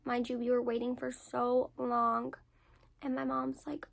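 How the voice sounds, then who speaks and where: Young female creator, high voice; casual, candid storyteller who curses and repeats for emphasis. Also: brisk, vocal fry. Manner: candid and frank, swears freely; lively storyteller with emphatic repetition. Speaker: content creator answering follower questions.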